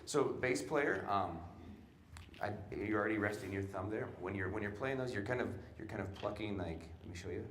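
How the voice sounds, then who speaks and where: A man coaching a student jazz band in a large concert hall, giving brisk instructions and scatting the rhythms he wants. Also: lowish voice. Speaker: jazz clinician. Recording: roomy hall with band behind.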